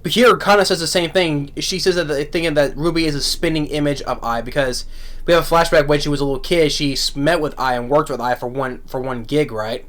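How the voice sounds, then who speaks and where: A man giving a casual spoken anime review, halting with many restarts and repeated words, laughing often. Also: on the high side, fairly even intonation, a bit bright. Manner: laughs often while talking.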